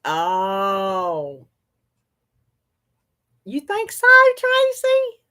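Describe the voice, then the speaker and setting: This Southern livestream host, a North Carolina woman, has a medium-pitched voice with huge pitch swings and drawn-out words. She chats in a folksy, easygoing, talkative way, reacting to comments from viewers and laughing easily.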